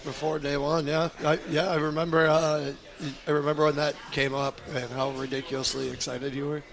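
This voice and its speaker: A man's voice: on the high side, little pitch movement, a little fast, creaky, fairly bright tone. A man co-hosting a casual chat, friendly and rambling with many restarts. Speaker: podcast co-host.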